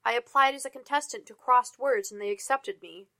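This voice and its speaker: A woman voicing a fussy, excitable male computer nerd, speaking in a prim, eager way. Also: on the high side, fairly quick, pitched above the performer's own voice.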